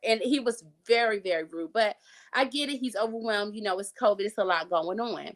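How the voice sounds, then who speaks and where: A woman's voice: medium pitch, normal speed. A young adult woman casually telling her own health story as an interview guest, chatty with many fillers and restarts. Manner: chatty, frequent fillers and restarts, occasional laughs.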